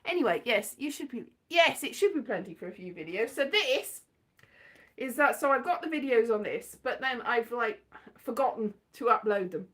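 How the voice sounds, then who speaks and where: A woman's voice: on the high side, expressive, normal speed, fairly bright tone. A woman vlogging into her phone at home, chatting in a rambling, scatterbrained, self-mocking way. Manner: chatty, scatterbrained, self-mocking, breaks into silly sung lines. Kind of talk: rambling casual chat with sung bits. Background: keyboard music.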